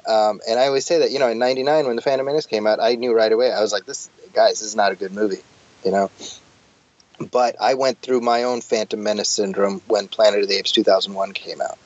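Middle-aged guy, low-voiced, talkative film fan; close, dry, lo-fi recording. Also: fast. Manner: talkative, animated, frequent restarts. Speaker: podcast guest. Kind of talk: casual chat about movies. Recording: dull, dry lo-fi sound.

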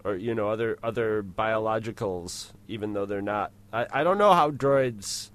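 A man co-hosting a podcast, chatting casually and thinking aloud in a relaxed way. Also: fairly low pitch, normal speed, clean tone. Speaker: podcast co-host. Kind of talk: casual chat.

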